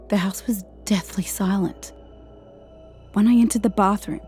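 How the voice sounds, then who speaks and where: Brief: woman horror narrator, higher voice, tense and hushed, dips into whispers; faint music under her. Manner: tense, hushed, slowing down and dropping to a whisper at scary moments. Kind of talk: scripted first-person horror narration.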